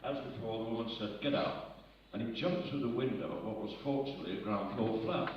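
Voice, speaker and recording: A male comedian rambles through jokes on stage, forgetting lines and laughing at himself. He is heard from a distance in a very reverberant hall. The sound is dull and carries steady background noise. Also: fairly low pitch, fast. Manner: rambling, loses his place, chuckles at his own jokes. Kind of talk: live stand-up joke telling. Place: live arts centre stage with audience. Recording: echoey, muffled hall recording from far off.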